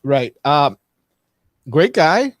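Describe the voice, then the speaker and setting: A man's voice: fairly high pitch, very animated, drawn-out words, no room sound. A man co-hosting a live talk show, rambling casually through frank movie opinions with many restarts. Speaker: podcast co-host.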